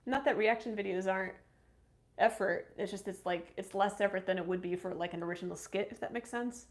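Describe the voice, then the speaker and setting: A woman hosting a relaxed live stream, reading out comments from her chat and answering each one. She talks in an easy, chatty way, with small fillers and thanks in between. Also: mid-range voice, fairly quick.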